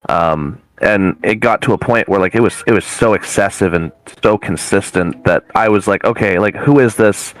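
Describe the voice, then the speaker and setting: A man's voice: deep voice, moderate pace, hardly any pauses, no echo, rough recording. A man, a guest medium, telling a long story in a casual, rambling way with many fillers and restarts.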